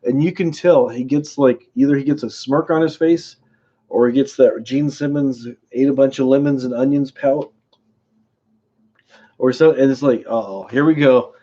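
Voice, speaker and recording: A man's voice: mid-range voice, mellow, lo-fi sound. A man hosting a live stream in casual chat, rambling, laughing often and greeting viewers by name.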